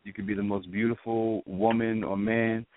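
A man with a Boston accent, a guest chatting casually in an interview, relaxed and rambling with frequent restarts. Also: on the low side, moderate pace, no echo. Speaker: guest, radio show host. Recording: tinny phone-like line.

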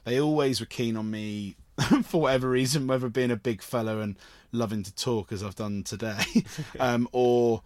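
A man's voice: mid-range voice, fairly even intonation, normal speed, a little mellow, no room sound. A man from Cornwall, a guest on an interview show who tells long, rambling stories and laughs often. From Cornwall, England. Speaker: guest actor. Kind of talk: casual interview storytelling.

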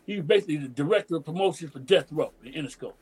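Talking at a rapid-fire clip, this middle-aged emcee and DJ from Detroit, USA, guests on a podcast and spins out a lengthy, animated yarn full of profane street slang. He acts out the dialogue of everyone he quotes in a husky, a little rough voice pitched slightly high for a man. Audio quality is poor.

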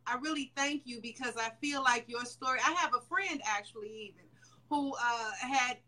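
A woman's voice: on the high side, normal speed, bright, forceful tone, low-quality recording. A woman in a casual discussion, speaking emphatically and repeating words as she builds her point.

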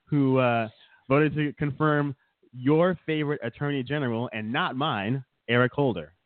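Speaking at a moderate pace in a mid-range voice, a man co-hosts a casual comedic chat show with no room sound. He rambles, pokes fun at his co-host, and chuckles again and again. Audio comes across dry and tinny, much like a phone call.

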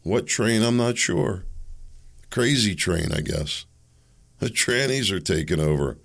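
Brief: combative male talk radio host, low gravelly voice, sarcastic monologue delivery. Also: lively intonation, unhurried.

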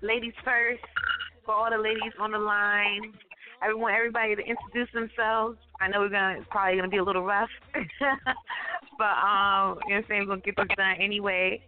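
A woman hosting a call-in radio talk show in a loose, casual way, full of fillers, with a deep morning voice after a late night. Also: level tone, fairly quick, noisy background. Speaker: host. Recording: tinny phone line with faint music.

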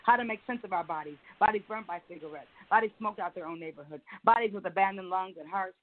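A woman's voice: medium pitch, fast talker. A woman poet performing her spoken-word poem with a rhythmic, insistent cadence, then chatting loosely with many fillers as an interview guest. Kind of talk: spoken-word poetry reading, then casual interview talk. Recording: tinny phone-like line.

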